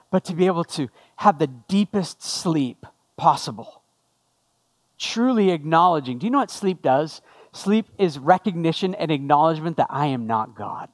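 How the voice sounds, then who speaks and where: High-voiced man preaching a sermon. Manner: conversational, asks the congregation questions. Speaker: pastor.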